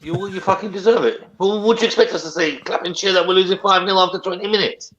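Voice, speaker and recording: A man's voice: high-pitched, steady tone, fast talker, crowd noise. A man co-hosting a football fan show, ranting angrily and swearing constantly. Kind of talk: casual post-match fan chat. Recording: dull lo-fi sound.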